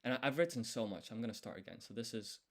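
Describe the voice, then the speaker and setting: A man's voice: medium pitch, expressive, quick pace, a bit bright. A man thinking aloud as he studies, explaining each step and quizzing himself under his breath. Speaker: language learner streaming his study. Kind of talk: thinking aloud while studying.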